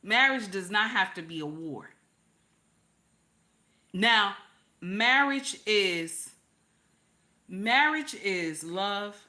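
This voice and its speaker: With drawn-out words and long pauses, an older woman hosts a live stream giving casual relationship advice to viewers. She's animated, repeats her points, and lowers her voice into a confiding tone for emphasis.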